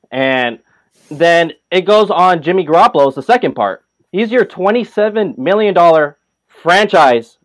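A man's voice: a little high, low-quality recording. A man on a sports podcast panel, sarcastic, acting out what players and coaches might say. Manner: sarcastic, acts out quotes. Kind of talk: sports talk.

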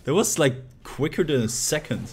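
A man's voice: fairly high pitch, big pitch swings, moderate pace, a little mellow, a little hiss or hum. A man streaming live gameplay, playfully chatting with viewers and laughing often.

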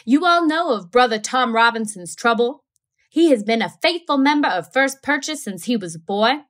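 A woman's voice: a little high, lively intonation, normal speed, a bit bright. A woman playing a formal country preacher. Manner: formal, announcing to a congregation. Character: stern small-church preacher man, formal.

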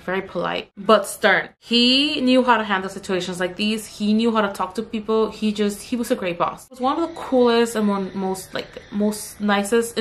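Animated woman telling a work story. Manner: animated, acts out the customer's lines with raised pitch; swears casually, addresses viewers as "you guys". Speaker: beauty vlogger telling a story. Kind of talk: casual storytime while doing makeup.

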